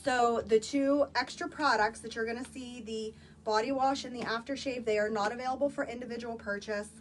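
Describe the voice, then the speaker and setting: A woman's voice: a little high, fairly even intonation, fairly quick, a little hiss or hum. A woman chatting casually on a phone livestream, showing products to viewers with lots of filler words. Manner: chatty, filler-heavy, addresses viewers as "you guys". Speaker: social-selling vlogger. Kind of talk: casual live product demo. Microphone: phone, live stream.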